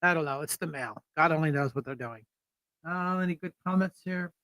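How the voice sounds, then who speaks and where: Host from Erie, Pennsylvania: male, blunt, rambling, slightly high, smooth close-miked voice, very dry sound. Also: fairly quick, sharp tone, no room sound. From United States. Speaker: show host. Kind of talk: casual political livestream talk.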